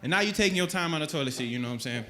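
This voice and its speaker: A man doing a stand-up comedy set on stage, profane and animated, often acting out voices. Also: fairly high pitch, very fast, a little hiss or hum.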